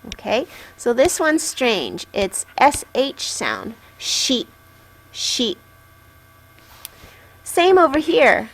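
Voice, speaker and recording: Slow, patient woman teaching syllables. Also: high-pitched, wildly swooping pitch. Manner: patient, clearly enunciating syllables. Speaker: Japanese teacher. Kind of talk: slow, patient language lesson.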